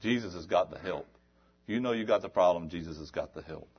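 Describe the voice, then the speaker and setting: A man preaching a sermon, shifting between quiet talk and loud, exhorting passages. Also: low-pitched, quick pace, breathy edge, muffled recording.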